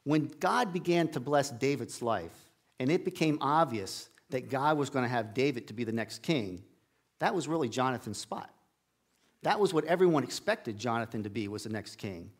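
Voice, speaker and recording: A man's voice: mid-range voice, animated, moderate pace. A middle-aged man preaching a casual storytelling sermon in a church sanctuary, acting out the characters' lines with a raised voice. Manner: folksy, acts out Bible characters' lines with raised voice.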